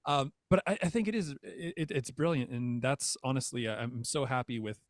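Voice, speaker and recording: A man chats as a podcast guest, self-deprecating and hesitant, filling his pauses with fillers. His pitch is middling. The sound is dry and close. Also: dry recording. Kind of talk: casual chat.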